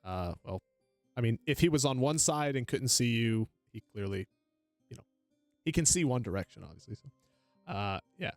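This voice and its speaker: A man running a tabletop game as game master, talking haltingly with many fillers. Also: mid-range voice, expressive, no room sound, soft background music.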